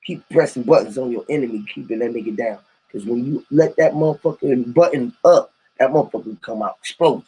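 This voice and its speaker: A man hosting his own live stream, talking in loose, profane slang and firing off rhetorical questions. His voice is husky and a little rough. He sits at an ordinary mid pitch for a man. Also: a little fast, hardly any pauses, warm tone, poor audio. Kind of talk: rambling live stream talk.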